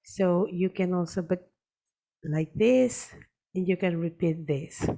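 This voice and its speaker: Slow, deliberate woman teacher. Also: on the low side, creaky, warm tone. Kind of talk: screen-share software tutorial.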